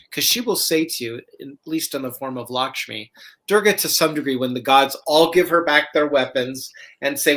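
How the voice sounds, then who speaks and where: Bright-voiced man musing in depth. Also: a little high, animated, fairly quick. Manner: expansive, lecturing, spiritual analogies. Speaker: podcast co-host. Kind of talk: casual comics discussion.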